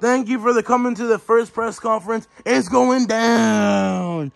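High-voiced man hyping a fight. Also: fairly even intonation, a little slow, gravelly. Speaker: fight announcer. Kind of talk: comedic press conference skit.

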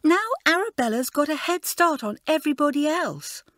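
A woman's voice: high-pitched, expressive, no echo, studio quality, pitched above the performer's own voice. A woman reading an audiobook, voicing a headstrong schoolgirl who speaks crossly and sulkily. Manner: cross and sulky, quick to brighten. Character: headstrong, moody schoolgirl heroine. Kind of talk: audiobook character voice.

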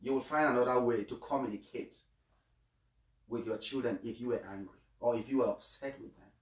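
A man's voice: medium pitch, fairly quick, recorded from a distance. A man giving a homily as a priest, earnest, often repeating his first words and stumbling on starts. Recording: echoey room, voice away from mic.

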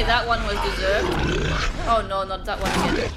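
A woman streamer narrating a game she plays for the first time, fretting out loud and cursing at it. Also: mid-range voice, steady tone, normal speed. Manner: swears often and frets loudly at the game. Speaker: gaming streamer. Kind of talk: blind let's play commentary. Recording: loud game music behind voice.

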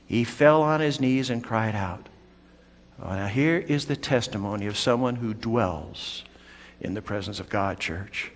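Male pastor, preaching a sermon, loud calls then hushed whispers, long church reverb. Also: fairly low pitch, a little slow. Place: church sanctuary.

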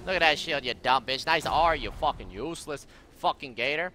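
A man streaming a video game live, commenting in a brash, profane way that swings from low muttering to sudden shouts. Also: a little fast, slight background noise.

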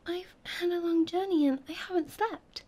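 A woman voicing a timid, curious little boy prince, hesitant and soft, in a whispered role-play. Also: fairly high pitch, measured pace, vocal fry, slightly rough, exaggerated voice.

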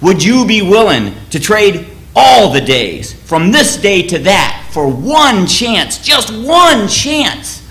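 A man voicing a defiant warrior leader who rallies his outnumbered men with slow, raised declamation. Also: a little high, expressive, pushed and bright. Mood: rousing.

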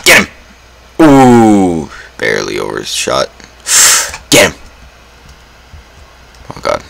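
Young man, very low voice, casual gameplay commentary, self-mocking, dramatic sighs and outbursts. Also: wildly swooping pitch, takes it slowly, creaky, pauses often, a bit bright, poor audio. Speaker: gaming YouTuber.

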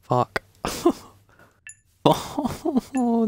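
A man's voice: sits high, very animated, very slow. A man streaming a game live, talking to himself in a frustrated, self-mocking way and swearing a lot. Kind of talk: live gameplay commentary.

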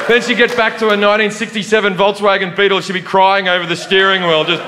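High-voiced man ranting on stage. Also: steady tone, quick pace, hardly any pauses. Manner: profane, ranting, swings from shouting to muttered asides. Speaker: stand-up comedian. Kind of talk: stand-up comedy routine. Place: large theater with a live audience. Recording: live concert recording in a reverberant hall, audience laughter. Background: crowd laughter and room noise.

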